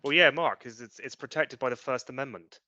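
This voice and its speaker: A man's voice: medium pitch, brisk, pushed and bright, highs cut off, slight background noise. A British man co-hosting a casual chat show, ranting in an opinionated way with British slang. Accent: British English. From Britain. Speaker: podcast co-host.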